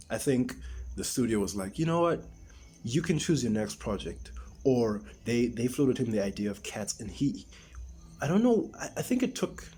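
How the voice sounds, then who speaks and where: A man's voice: mid-range voice, warm tone, slight background noise. A man giving a casual, rambling film review, exasperated and full of restarts and rhetorical questions.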